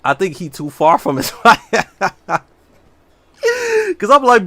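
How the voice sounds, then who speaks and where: A man's voice: fairly high pitch, normal speed, long pauses, no room sound. A man chatting casually and brashly while streaming a game. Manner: brash, slangy, animated. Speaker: livestreamer. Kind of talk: casual gaming stream talk.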